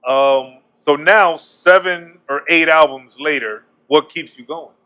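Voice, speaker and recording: Man, podcast co-host, slightly high, bright tone, short questions. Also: slow, low-quality recording. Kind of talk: casual interview questions.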